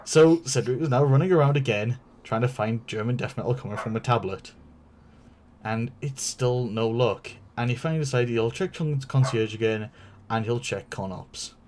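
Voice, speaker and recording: A man on a stream, spinning a long anecdote in a loose, rambling way. He stumbles over his words, restarts often and drops the odd swear word, all at an ordinary middle pitch. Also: normal speed, darkish tone, a little hiss or hum. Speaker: streamer telling a story. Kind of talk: casual storytelling.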